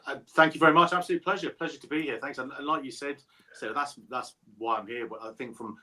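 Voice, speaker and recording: A man being interviewed as a supporters trust chairman, measured and repeating words as he thinks. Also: mid-range voice, sharp tone. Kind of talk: casual interview answers.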